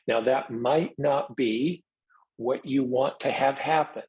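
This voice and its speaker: A man giving a technical presentation, explaining new software features in a measured way and taking questions. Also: mid-range voice, breathy edge, poor audio.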